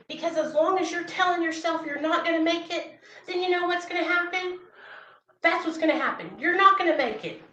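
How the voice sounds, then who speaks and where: A woman's voice: high voice, bright, forceful tone. A young woman hosting a recovery livestream, giving a casual, earnest pep talk that encourages and repeats itself. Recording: echoey room, dull lo-fi sound.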